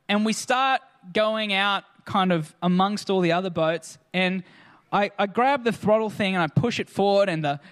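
A man's voice: high-pitched, fairly bright tone. A man speaking to an audience, telling a personal anecdote in a chatty way, full of "like" and "kinda" and acted-out quotes. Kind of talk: anecdotal storytelling to a crowd.

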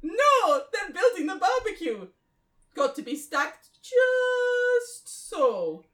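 A woman's voice: very high voice, sing-song, takes it slowly, a bit bright, voice pushed up, exaggerated voice. A woman with a northern English accent voicing Gary, a chummy Spanish man who leads a historical reenactment group, in a put-on Spanish accent in a comedy sketch. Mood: jovial.

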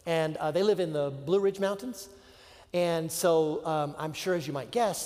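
A man's voice: on the high side, unhurried. A middle-aged man from Florida preaching a sermon, telling a personal story and acting out his own panicked thoughts. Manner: animated, acts out his own panic in quoted asides. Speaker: pastor. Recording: long reverb of a large hall.

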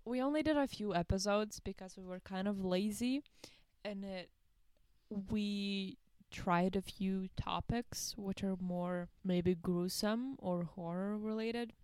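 A nineteen-year-old woman chats on her podcast in a mid-range voice, quick to giggle. She talks loosely about her life with a friend. The recording is dry and close. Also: medium pitch, darkish tone, clean tone, dry recording. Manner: giggly, breaks into laughter. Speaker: podcast co-host. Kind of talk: casual chat.

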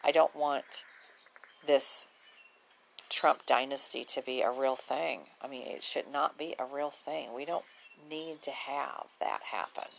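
A woman speaking in a low, deep voice. She talks to her viewers in a blunt, outspoken way, swearing freely and not holding back. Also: fairly even intonation, takes it slowly, gravelly, a little hiss or hum, poor audio. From southern United States. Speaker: vlogger. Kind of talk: casual monologue to camera.

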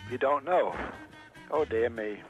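A man's voice: mid-range voice, a little slow. An older man chatting politely and hesitantly on a phone call, often restarting his sentences. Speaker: prank call target. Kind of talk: phone conversation. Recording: muffled phone audio with faint music.

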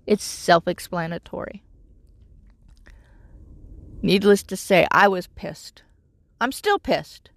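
A woman's voice: on the low side, slow, vocal fry, long pauses, no room sound. A middle-aged woman vlogging casually, telling a rambling, exasperated story about her troubles. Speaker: vlogger living in her vehicle. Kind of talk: casual chat.

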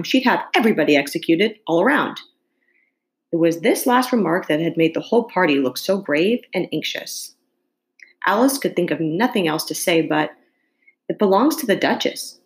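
A woman reading a children's classic aloud in a steady, unhurried way, now and then correcting a slip mid-phrase. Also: lowish voice, poor audio. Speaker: storybook reader.

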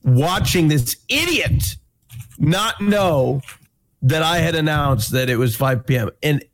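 A man's voice: a little high, lively intonation, slow pace. A man telling an exasperated story in a casual group voice call, swearing and mimicking people.

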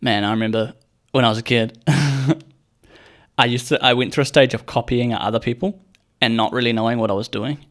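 A man's voice: mid-range voice, moderate pace. A young man telling stories in a casual, rambling monologue, swearing freely and acting out the people he quotes. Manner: rambling and profane, with animated quoted voices.

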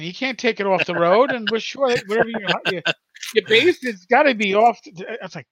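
A man's voice: extremely high pitch, expressive, fairly quick, a bit bright, no echo. Older man, podcast co-host, stammering, rambling story, dry lo-fi sound. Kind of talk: casual chat.

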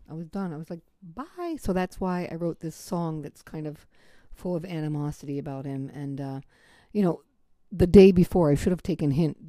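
An American woman hosts her podcast and tells a story in a candid, unfiltered way. Her voice sits low and mellow. The recording is dry and close, with no room sound. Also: no echo. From United States. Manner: candid and swears freely. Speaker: podcast host. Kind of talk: casual storytelling.

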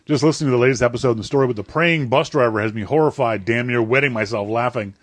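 A man's voice: medium pitch, very fast, no echo. A man co-hosting a casual comedic podcast, blunt and profane, ranting grumpily. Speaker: podcast co-host.

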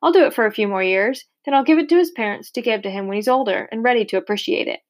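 A woman's voice: a little high, quick pace, natural voice. A woman voicing a playful, caring teenage girl who teases and coos in an audiobook reading. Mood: earnest. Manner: teasing, cooing.

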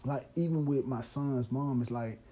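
A man's voice: medium pitch, normal speed, warm tone. A man in his thirties hosting a podcast, telling a story in a loose, candid way with lots of "man" and easy laughter. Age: 30s. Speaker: podcast host. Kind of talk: casual storytelling monologue.

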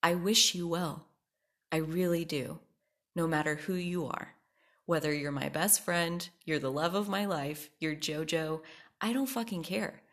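Woman, low-pitched voice, solo podcast monologue, candid, emphatic, swearing. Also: measured pace. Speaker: podcast host. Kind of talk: personal monologue.

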